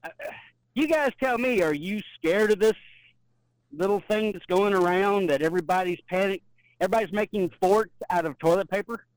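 A man with a Southern accent co-hosts a podcast, joking and giggling his way through. His voice is notably high. The sound is dry and close. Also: fairly quick, clean tone, no room sound, rough recording. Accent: Southern American. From Tennessee. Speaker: podcast co-host. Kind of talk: casual chat.

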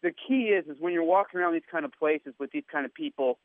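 A man telling a story as a radio station worker on a podcast, animated and acting out what people said. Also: a little high, fast, no room sound. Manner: animated storyteller who acts out quotes. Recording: tinny phone line.

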